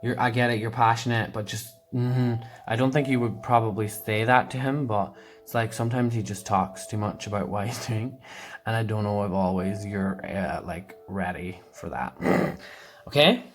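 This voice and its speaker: A man giving a casual tarot reading, thinking aloud and meandering with frequent pauses. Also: on the low side. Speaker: tarot card reader.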